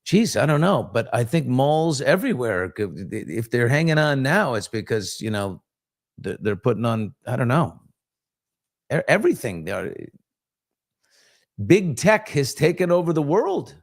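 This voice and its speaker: A man's voice: mid-range voice, sing-song, unhurried. A man hosting a casual live morning chat, reading out viewer comments and rambling through stories with many fillers and restarts. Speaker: talk show host.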